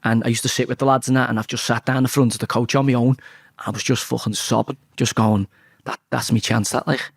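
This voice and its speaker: A man's voice: mid-range voice, steady tone, fast talker, gravelly, slightly rough, dry recording, clean studio sound. A man with a Liverpool Scouse accent, a guest in a casual interview, telling stories bluntly and swearing freely. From Liverpool, England.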